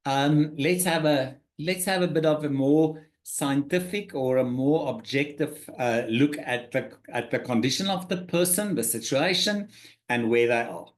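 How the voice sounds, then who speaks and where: A man's voice: a little high, a little slow. A man presenting a spoken workshop lecture to participants, earnest and emphatic, often restarting and repeating words as he works through his points.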